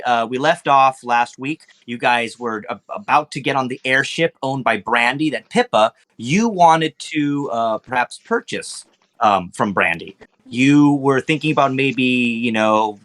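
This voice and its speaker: A man's voice: mid-range voice, a bit bright. A man as dungeon master, recapping the last session for his players in a loose, casual way, full of ums and swearing. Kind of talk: recapping a tabletop game for players.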